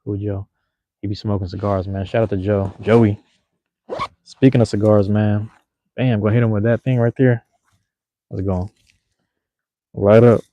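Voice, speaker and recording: A low-voiced man from Seattle chatting on a livestream, loose and slangy, cursing casually as he answers his viewers. The sound is dry and a little dull, like a cheap desk mic. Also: level tone, normal speed, long pauses, dark tone, no room sound. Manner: loose, slangy, drops profanity, addresses chat. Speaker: livestream host.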